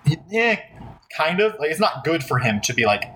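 Bright-voiced man running a tabletop game. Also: fairly high pitch, big pitch swings, moderate pace, a little hiss or hum, low-quality recording. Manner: loose, filler-heavy description with lots of "like". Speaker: game master.

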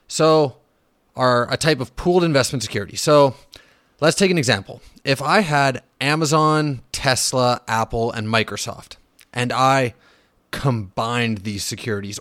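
A man's voice: medium pitch, measured pace, no room sound. A man hosting a casual solo finance podcast, blunt and profane, ranting with fillers and restarts. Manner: animated when riled, with fillers and restarts. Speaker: podcast host.

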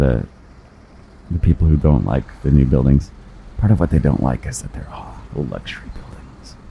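Outdoors on busy city streets, with traffic and construction noise behind him, a man with an extremely low, mellow voice and vocal fry hosts a walking podcast. He's flirty and rambling, slightly out of breath, and laughs often.

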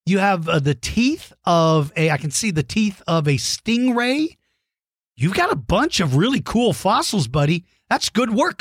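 Animated, high-pitched encouraging man. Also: dry recording, clean studio sound. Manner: warm, encouraging, playful with kids. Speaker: podcast host reading listener mail. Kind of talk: enthusiastic shout-outs to kids.

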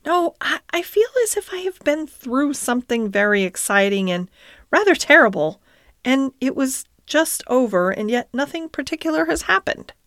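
A woman playing a humble, tired male mole from a storybook, his voice lifted above her own and soft at the edges. He sounds wistful and wondering. The sound is dry and close. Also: sing-song, normal speed, dry recording, exaggerated voice. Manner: soft, wistful, raised pitch. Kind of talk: storybook character voice.

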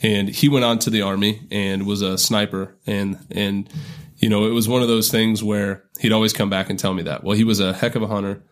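A man's voice: on the low side, little pitch movement, brisk. A middle-aged man on a podcast, telling long stories in a rambling way with lots of fillers and restarts. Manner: rambling, filler-heavy, self-interrupting. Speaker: podcast guest. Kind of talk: casual storytelling.

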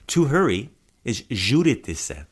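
A man's voice: medium pitch, sing-song, a little slow, slightly rough. A man hosting a casual podcast, patiently teaching Croatian words and repeating them for a listener to echo. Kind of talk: casual language lesson.

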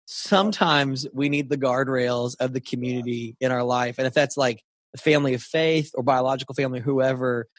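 A man hosting a podcast, talking in a relaxed, chatty way with lots of casual fillers. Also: mid-range voice, brisk, dry recording, clean studio sound. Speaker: podcast host. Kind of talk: casual conversational interview.

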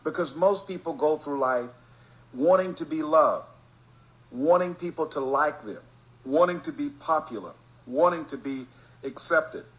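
A man's voice: fairly high pitch, poor audio. Emphatic male motivational storyteller. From Miami, Florida. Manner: emphatic, rhythmic delivery with slow stressed phrases. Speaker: motivational speaker.

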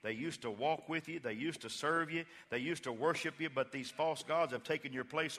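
A male pastor preaching a sermon in a church, swinging from quiet, joking storytelling to loud, fervent exhortation. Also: fairly high pitch, normal speed, hardly any pauses, long reverb tail, a little hiss or hum. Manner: playful humor while retelling scripture. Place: church sanctuary.

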